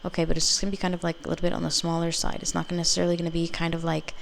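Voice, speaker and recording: A woman's voice: on the low side, completely flat delivery, racing, gravelly, slight background noise. A woman giving a casual pick-a-card tarot reading, rambling intuitively with lots of filler words. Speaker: tarot reader.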